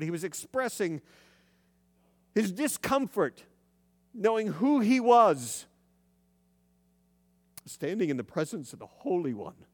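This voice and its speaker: A male pastor preaching a sermon in a conversational, storytelling way, slowing down for emphasis. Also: high-pitched, very animated. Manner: conversational storytelling, dramatic slowdowns. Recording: long reverb of a large hall.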